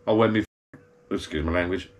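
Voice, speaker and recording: A man's voice: low voice, brisk. Bloke moaning away, casual rambling chat in his backyard bar. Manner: chatty, grumbling rant. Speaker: vlogger. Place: backyard garden bar shed.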